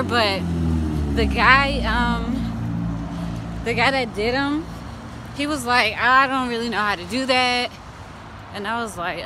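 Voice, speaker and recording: A woman's voice: mid-range voice, noisy background. A woman vlogging casually, chatting to her viewers and telling stories as she walks by a lake and then cooks at home. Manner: chatty, storytelling, addresses viewers as y'all. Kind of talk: casual vlog chat.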